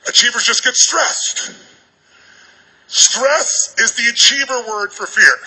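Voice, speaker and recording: In a rough recording, a man with an extremely high, pushed, bright, and slightly rough voice works a large arena crowd. He's a motivational speaker giving a seminar talk, firing commanding, rapid-fire questions over a stage microphone.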